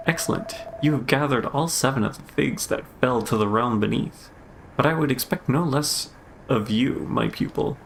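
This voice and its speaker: A man's voice: mid-range voice, moderate pace, gravelly, slight background noise, close to an everyday voice. A man voicing a stern, cold male mentor in a grave, commanding tone while reading game dialogue aloud. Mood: approving.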